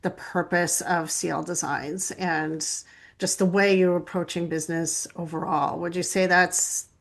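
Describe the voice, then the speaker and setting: A woman's voice: lowish voice, fairly even intonation, measured pace, creaky. A woman hosting a podcast interview, enthusiastic and self-deprecating, laughing often between questions. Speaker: podcast host.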